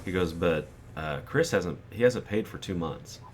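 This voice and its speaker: A man's voice: deep voice, lively intonation, moderate pace, a little hiss or hum. A man in his forties hosting a gaming channel, telling a rambling personal anecdote over gameplay and acting out the quotes.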